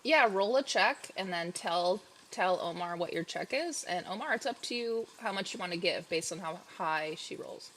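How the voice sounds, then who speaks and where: A woman's voice: on the low side, expressive, normal speed, hardly any pauses, a bit bright. A woman narrating as game master in a casual, chatty way full of fillers.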